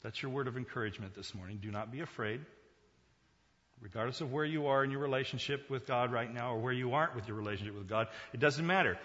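A male pastor giving a sermon, swinging from quiet talk to loud, emphatic preaching. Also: mid-range voice, very fast, few pauses, in a large hall, dull audio.

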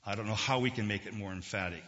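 A man's voice: lowish voice, quick pace, bright, forceful tone. A man preaching a sermon to his congregation in a conversational way, asking them questions as he goes. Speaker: pastor. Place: church sanctuary. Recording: dull lo-fi recording in a reverberant hall.

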